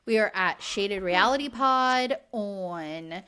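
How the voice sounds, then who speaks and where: A woman's voice: medium pitch, animated, slow, pushed and bright, clean tone. A woman co-hosting a podcast, recapping reality TV in casual chat, chatty and exasperated, full of fillers. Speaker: podcast co-host.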